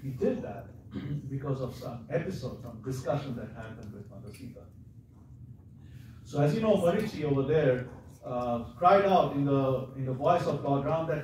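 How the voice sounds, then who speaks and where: A man tells a devotional story to a seated crowd, relaxed and chatty, stopping often to check that his listeners follow. He sounds distant from the microphone, and the hall rings with heavy echo. A steady background noise runs underneath. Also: mid-range voice, moderate pace. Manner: conversational, keeps checking with the audience. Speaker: visiting lecturer. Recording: echoey hall, far from the mic, audible noise.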